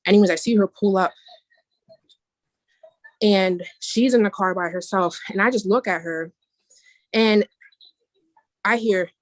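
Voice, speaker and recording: A woman's voice: mid-range voice, measured pace, pauses often, no echo. Woman rambling through a story, dry sound. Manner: rambling, with restarts and asides. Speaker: meeting member sharing a testimony. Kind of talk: casual testimony. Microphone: video call.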